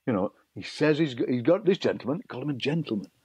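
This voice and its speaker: A middle-aged man, a poet being interviewed, telling lively anecdotes and acting out voices he overheard. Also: mid-range voice, fast, breathy edge, no room sound. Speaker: poet and broadcaster, guest. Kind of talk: interview storytelling. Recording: dull lo-fi dry sound.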